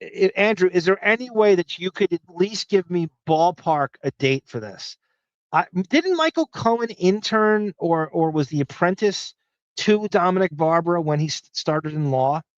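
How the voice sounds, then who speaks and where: A man with a Long Island accent hosts a podcast, chatting loosely and cursing as he thinks aloud over listener comments. His voice sits a bit high. The sound is dull and lo-fi, with a dry, close feel. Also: animated, normal speed, no echo. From Long Island, New York. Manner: rambling, profane, thinking aloud. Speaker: podcast host. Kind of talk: casual live chat reading listener comments.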